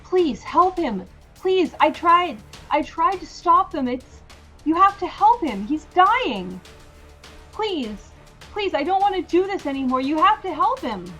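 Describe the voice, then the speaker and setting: A woman's voice: very high-pitched, sing-song, measured pace, a bit bright, soft background music, voice pushed up, heavily acted. A woman voicing a frightened young woman who pleads breathlessly for help in a tabletop game. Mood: desperate pleading.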